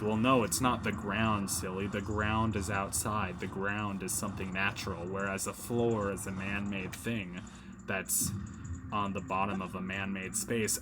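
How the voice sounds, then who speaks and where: A man's voice: fairly low pitch, a little slow, noisy background. A man hosting a casual let's play, rambling through gameplay commentary with lots of fillers and self-mocking asides, recorded at home.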